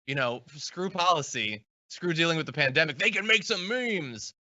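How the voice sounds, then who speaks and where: A man's voice: fairly high pitch, animated, normal speed, sharp tone, no echo. A man hosting a political commentary show, talking in a casual, wry way. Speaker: host. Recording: dry, dull lo-fi sound.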